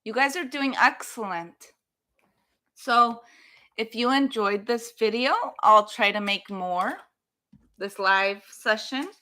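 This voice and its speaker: A woman teaching English in a live online lesson, explaining phrasal verbs slowly and carefully and encouraging her students. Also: a little high, pushed and bright.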